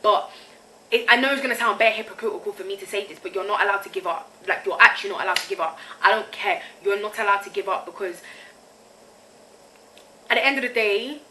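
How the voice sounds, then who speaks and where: Here a young woman speaks quickly in a sharp, mid-range voice, recorded roughly with some hiss or hum. It's a confessional vlog she films herself on the camera mic, candid and full of slang, and she keeps asking "you get me" to make sure the listener follows.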